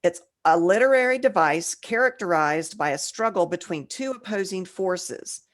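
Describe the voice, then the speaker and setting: A woman with a somewhat low voice chats casually as co-host of a writing podcast. She tells groan-worthy jokes and reads definitions out slowly, sounding slightly tipsy and loose. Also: expressive. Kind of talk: casual chat.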